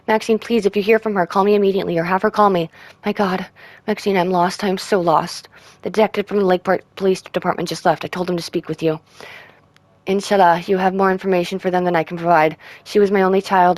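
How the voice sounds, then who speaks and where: Soft-spoken woman reading game texts. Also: lowish voice, no room sound. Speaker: gaming streamer.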